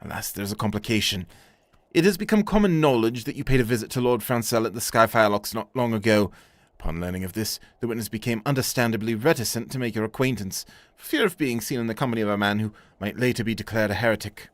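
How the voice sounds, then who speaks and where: A man voicing a courteous, composed nobleman in a video game, speaking in a measured, formal way. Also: on the low side, dry recording, lightly acted.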